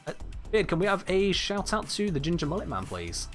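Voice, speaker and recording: A man's voice: high-pitched, very animated, a little fast, faint music behind. A young man from Birmingham with a Southern English accent, chatting casually on a game stream and answering viewers as he plays. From Birmingham, England. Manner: chatty, reads and answers viewer chat while playing. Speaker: gaming streamer. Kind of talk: casual live-stream chat.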